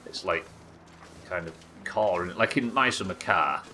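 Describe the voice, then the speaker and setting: Man, game streamer, rambling casual chat, lowish bright voice, faint room noise. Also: unhurried. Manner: rambling, chatty, swears, self-mocking. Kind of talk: casual gameplay commentary.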